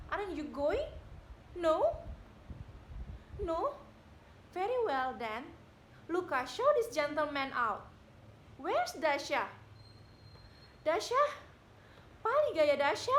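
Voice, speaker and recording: Young woman playing a haughty high-voiced widow. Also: a little hiss or hum. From Indonesia. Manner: declamatory, rising to indignant shouting. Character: proud young widow, haughty and quick to anger. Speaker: student actor. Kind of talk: amateur stage drama reading. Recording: echoey room.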